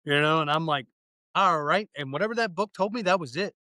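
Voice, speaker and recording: A man's voice: on the high side, fairly quick, sharp tone, no echo, poor audio. A man in his thirties, a fire training instructor, talking enthusiastically and casually as a podcast guest, acting out conversations. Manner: enthusiastic, slangy, acts out dialogue.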